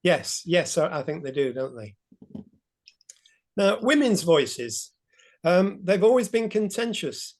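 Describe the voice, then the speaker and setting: A man with a high voice leads a group talk over a video call. He is chatty and rambles a little, with easy laughs. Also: very animated, slow pace, pauses often, a little mellow. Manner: chatty, meandering, light laughs.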